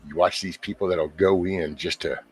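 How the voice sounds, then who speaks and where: A man hosting his own channel, talking in a casual, profane, exasperated ramble and mimicking other people in quick asides. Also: deep voice, fairly even intonation, husky. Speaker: YouTube channel host.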